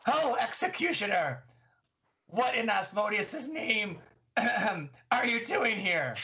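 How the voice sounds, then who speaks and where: A man voicing his bold adventurer, trying to sound menacing in a high, overplayed voice. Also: big pitch swings, takes it slowly, sharp tone, highs cut off, heavily acted. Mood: mock menacing.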